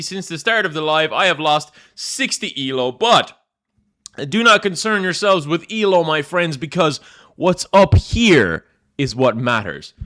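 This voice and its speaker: A man's voice: sits high, sharp tone. A young man talking through his chess moves on a live stream in a loose, casual way. He jokes, brags in mock grandeur and pokes fun at himself. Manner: joking, mock-boastful, self-mocking.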